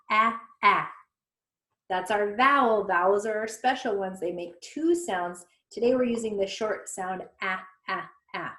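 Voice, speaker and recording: A woman teaching a recorded phonics lesson to young children, patiently sounding out each letter one at a time. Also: mid-range voice. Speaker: reading intervention teacher. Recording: echoey room.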